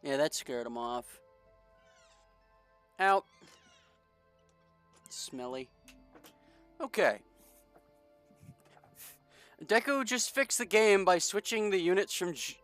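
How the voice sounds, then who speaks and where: Lively, bright-voiced joking game streamer. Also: male voice, high-pitched, slow pace, pauses often, faint music behind. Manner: jokey, sarcastic, reads game text aloud. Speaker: gaming streamer. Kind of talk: casual gameplay commentary.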